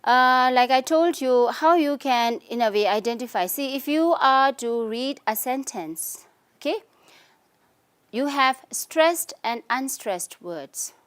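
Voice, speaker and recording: A female English teacher with a Tibetan accent, from the Tibetan community in India, speaks slowly in a high, smooth voice with lively intonation. In this recorded lesson she explains patiently step by step, often checking with "okay?" and "you can say."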